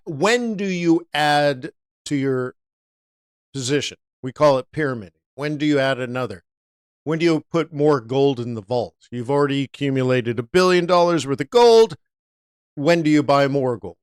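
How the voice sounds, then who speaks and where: Guy running a live forex lesson, chatty, talks right to viewers, smooth crisp voice, dry close mic. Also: on the high side, no room sound. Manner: chatty, animated, answers viewers by name. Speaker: forex trading instructor. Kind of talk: live-stream trading lesson.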